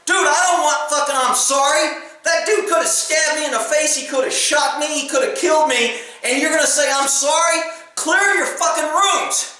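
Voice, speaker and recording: A man who is a police officer, telling work stories in a casual, profane and animated way, laughing through the tense parts. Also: very high voice, a little fast, few pauses. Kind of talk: casual storytelling monologue. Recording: echoey room, far from the mic.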